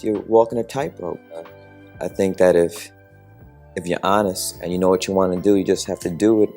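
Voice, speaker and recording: A low-voiced man answers questions on a talk show. He sounds wry and amused as he speaks. Faint music plays underneath. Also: darkish tone. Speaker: filmmaker interviewed.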